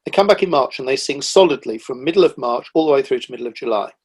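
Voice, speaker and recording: A middle-aged man, a guest on a podcast, telling animated stories about the wildlife he sees, with lively quoted asides. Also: mid-range voice, fast, husky. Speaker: guest, nature writer. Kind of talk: casual conversational interview.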